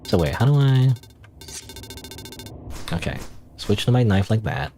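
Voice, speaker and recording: A man's voice: on the low side, sing-song, unhurried, dark tone, faint music behind. A man streaming a game, thinking aloud in casual commentary with many restarts and hesitations.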